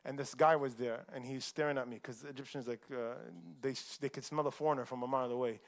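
A man from the United States speaks at a community forum. He tells a personal story in a rapid, chatty rush, and he laughs often as he goes. His voice sits at an ordinary middle pitch. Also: steady tone. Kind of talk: casual storytelling talk.

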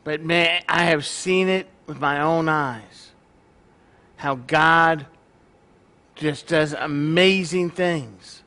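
A man's voice: fairly high pitch, extremely slow, bright, forceful tone. A male pastor preaching a sermon in a joking, conversational way to his congregation.

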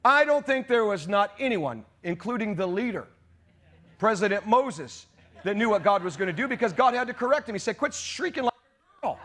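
Fiery high-voiced male preacher. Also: animated, fairly quick. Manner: fiery, shouting, rising to outrage. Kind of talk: charismatic sermon.

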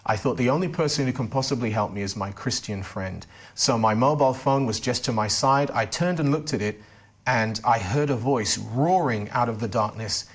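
At normal speed and medium pitch, with a slightly rough voice, this interview guest sincerely recounts a personal testimony, frequently stopping and beginning his sentences again.

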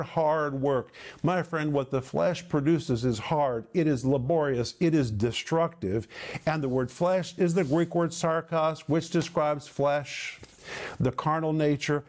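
A man giving a televised Bible teaching, emphatic and slowing down to stress key words. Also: fairly high pitch, darkish tone.

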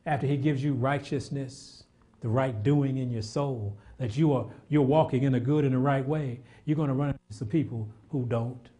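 His mid-range voice is warm and relaxed as he preaches, surging into loud, quick exhortation and stumbling over repeated words in the heat of it. He eventually eases down into soft, intimate prayer.

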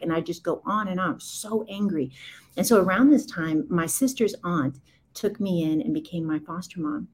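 A woman's voice: fairly low pitch, brisk, darkish tone, husky, low-quality recording. A woman in her forties giving a candid, impassioned account in conversation, speaking emphatically in rising bursts. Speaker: guest.

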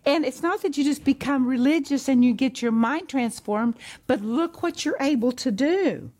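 High-voiced woman quoting scripture. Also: a little mellow. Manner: slow, deliberate when quoting scripture.

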